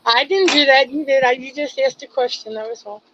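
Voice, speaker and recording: A middle-aged woman poet who reads her poem aloud, then tells the story behind it in an expressive way, laughing at herself. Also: high voice, fairly quick, noisy background. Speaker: poet and co-host. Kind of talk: poetry reading and casual chat. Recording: slightly dull lo-fi online radio audio.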